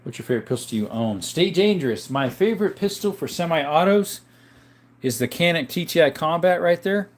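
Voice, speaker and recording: A man's voice: on the high side, expressive, brisk. A young man hosting a casual livestream, reading chat and greeting viewers by name in a chatty, upbeat way.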